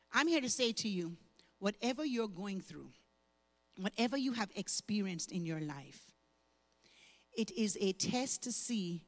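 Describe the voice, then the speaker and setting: An older woman pastor delivering a sermon, moving from conversational teaching to loud, impassioned preaching. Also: medium pitch, big-room sound. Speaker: guest pastor.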